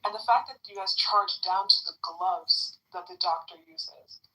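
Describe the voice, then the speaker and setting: A woman's voice: mid-range voice, unhurried, bright, forceful tone, low-quality recording. A woman, debating politics in a casual, blunt and indignant way, swearing freely. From Canada. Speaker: panel guest.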